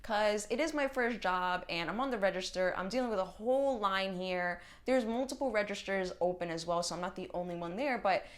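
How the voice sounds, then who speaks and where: A woman vlogger telling a casual storytime, animated and slangy and cursing freely. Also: medium pitch, brisk, hardly any pauses.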